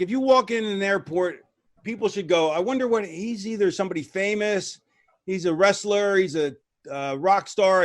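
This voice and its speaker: Casting: man, high voice, dry close sound, rambling anecdote-teller, loose and casual. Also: dry recording. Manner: rambling, restarts, lively retelling with voices. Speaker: retired wrestler guest. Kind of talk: casual storytelling.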